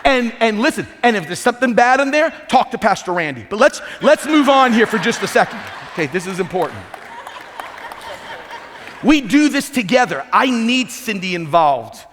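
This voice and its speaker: A middle-aged male pastor preaching a sermon with animated, self-deprecating humor and frequent restarts. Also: high voice, moderate pace, some chatter behind, slight background noise. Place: large church sanctuary. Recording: reverberant church hall.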